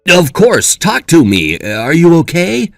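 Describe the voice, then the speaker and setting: A man's voice: on the high side, wildly swooping pitch, a little slow, gravelly, a bit bright, dry recording, full character voice. A man playing a young brother who comforts his sister in a reassuring, sympathetic way. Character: caring young brother, supportive and indignant.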